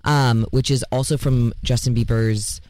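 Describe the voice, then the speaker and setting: A man's voice: medium pitch, fairly even intonation, a little slow, a little mellow, no echo. A young man co-hosting a radio music show in a studio, easygoing and casual.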